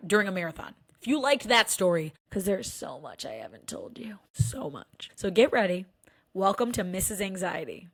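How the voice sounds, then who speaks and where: A woman in her thirties talking candidly to camera in a casual personal vlog, chatty and full of "like" fillers. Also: mid-range voice. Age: 30s. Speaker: vlogger.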